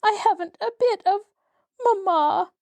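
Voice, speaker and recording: A woman voicing a small, spoiled girl who wails and sobs in a high, tearful voice. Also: unhurried, darkish tone, dry recording. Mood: wailing. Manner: wailing, sobbing, high and tearful.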